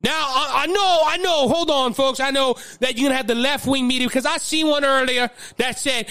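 A man's voice: extremely high pitch, a little fast, few pauses, pushed and bright, dry recording. A man with a Louisiana accent hosting a political commentary show, impassioned and fiery, often repeating words as he builds steam. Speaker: podcast host.

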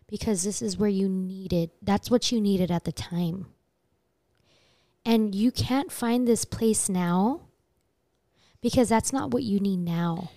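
Frank woman with a mellow, dry voice. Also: medium pitch, dry recording. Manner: frank, swears casually. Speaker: podcast co-host. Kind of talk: casual chat.

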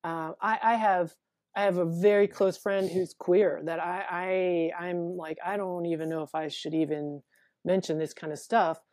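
A woman's voice: lowish voice, fairly even intonation, normal speed, a little mellow, no room sound, studio quality. A woman therapist talking as a guest over a video call, hesitant and thoughtful, often restarting her sentences. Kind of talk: conversational interview.

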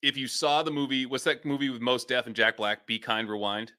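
A man co-hosting a podcast and coaching high school football, chatting casually, laughing often and acting out the people in his stories. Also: fairly quick. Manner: lively storyteller, laughs often, acts out quotes. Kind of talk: casual chat.

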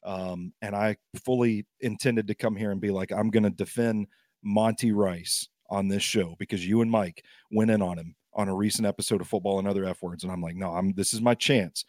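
A man's voice: on the low side, fairly even intonation, brisk, darkish tone, no room sound, clean studio sound. A man filling in as guest on a sports podcast, talking in a chatty, self-deprecating way while battling a cough. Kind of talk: casual sports talk.

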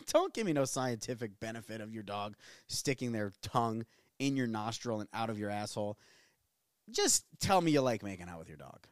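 A man's voice: on the low side, dry recording, studio quality. A man from the New area, hosting a casual solo podcast and rambling candidly with plenty of profanity. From New Orleans area. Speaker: podcast host.

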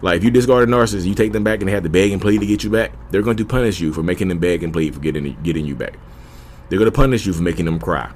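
A man's voice: low-pitched, racing, slight background noise. A man hosting his own channel, giving casual, earnest advice that circles back and repeats itself, calling his listeners y'all. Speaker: YouTube host. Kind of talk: casual direct-to-camera advice talk.

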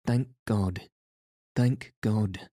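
A man's voice: on the low side, drawn-out words, mellow, no room sound, studio quality. A man voicing a frantic young aristocratic wife, pleading and breathless, in a storybook reading. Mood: tender.

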